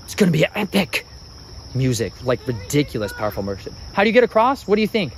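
A man's voice: on the high side, fast talker, slight background noise, rough recording. A man reading and explaining Bible passages to his family in a casual way. He keeps stopping to chat with his children. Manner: animated, chatty, breaks off to talk to his children. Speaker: father teaching scripture.

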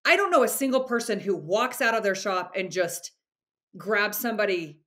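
A woman's voice: mid-range voice, lively intonation, normal speed, fairly bright tone. Enthusiastic woman podcast host. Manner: enthusiastic, affirming. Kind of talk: casual interview chat.

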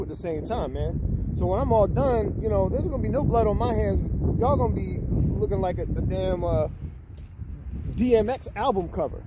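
A man with a notably high voice rants in a casual, accusatory way, breaking into scripture readings between his complaints. He keeps tagging his lines with "man" and "bro." Steady background noise and passing vehicles run under the recording.

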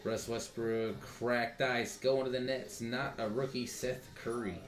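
A man's voice: mid-range voice, steady tone, a little slow. A man hosting a live card break, rattling off card names and joking with others. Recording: echoey room with crowd noise.

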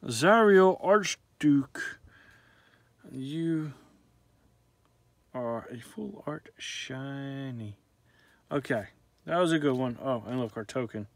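A man's voice: medium pitch, lively intonation, slow, pauses often, dry recording. A man opening trading card packs, calling out each card's name in casual commentary with joking, self-deprecating asides. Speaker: card pack opener.

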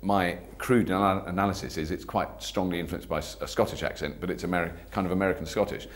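A man with a low voice tells anecdotes quickly and chattily. He pokes fun at himself and talks in an easy interview style. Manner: chatty, self-mocking, laughs while telling stories. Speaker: actor being interviewed.

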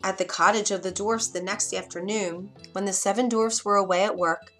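A woman narrating a fairy tale for children, expressive with dramatic pauses. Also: mid-range voice, faint music behind. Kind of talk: scripted storybook narration.

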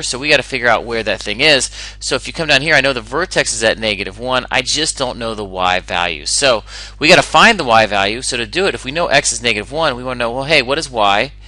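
A man's voice: mid-range voice, sharp tone, no room sound, poor audio. A man teaching a recorded algebra lesson in an upbeat way, explaining step by step and asking the listener questions. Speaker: math teacher.

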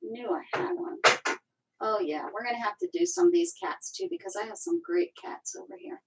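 A woman with a very high-pitched but darkish-toned voice talks briskly and animatedly while stamping on her crafting livestream, which has poor audio. She's chatty, addressing both herself and the live chat, and breaks into playful improvised sing-song bits.

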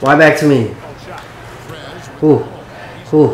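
A man giving casual, excitable gameplay commentary, cursing and talking back to the game and his coach. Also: a little high, slow pace, echoey room. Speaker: gaming YouTuber.

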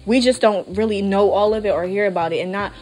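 A woman's voice: medium pitch, quick pace, a little mellow, faint music behind. A young woman vlogger chatting casually to her viewers, full of fillers and asides. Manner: chatty, lots of fillers, addresses viewers as y'all. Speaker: nail art vlogger. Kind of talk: casual chat while working.

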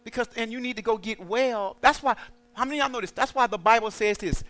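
A man preaching to a congregation in a lively call-and-response style, acting out quoted voices as he goes. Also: extremely high pitch, quick pace. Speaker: pastor.

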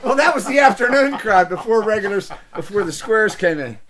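A man's voice: high-pitched, animated, a little fast, fairly bright tone. An older man hosting a show, telling salty, rambling anecdotes that lose the thread. He laughs at his own stories. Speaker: show host and musician. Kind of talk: rambling storytelling chat.

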